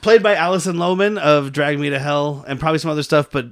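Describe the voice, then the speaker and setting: A man's voice: a little high, fairly even intonation, quick pace, fairly bright tone. A man co-hosting a bad-movie podcast, recapping scenes in a rambling way with frequent swearing. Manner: rambling, laughs often, swears. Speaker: podcast co-host. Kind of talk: casual movie-review chat.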